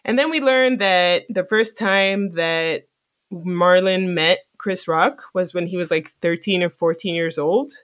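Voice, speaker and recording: A podcast host telling a story in casual chat, animated and profane, often laughing. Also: medium pitch, unhurried, no echo.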